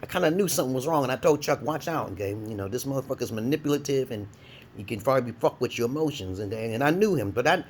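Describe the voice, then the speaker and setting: A man from Brooklyn, New York, ranting in a profane, rambling vlog monologue, breaking into loud laughing high shouts. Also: expressive, fast, slight background noise. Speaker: vlogger.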